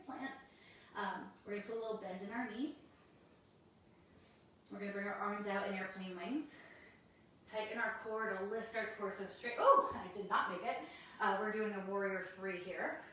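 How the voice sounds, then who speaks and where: A woman yoga instructor guiding a class through poses, calm and practical, slightly out of breath as she does the poses with the class. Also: medium pitch, slight background noise. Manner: calm step-by-step cues with self-aware asides. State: a little out of breath while doing poses. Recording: very echoey room, mic at a distance.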